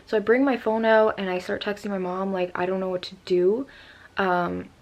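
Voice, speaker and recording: Creaky-voiced young woman telling a story. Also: mid-range voice, flat delivery, normal speed. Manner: rambling with many "like" fillers. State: upset after crying. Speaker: vlogger. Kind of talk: casual storytime vlog.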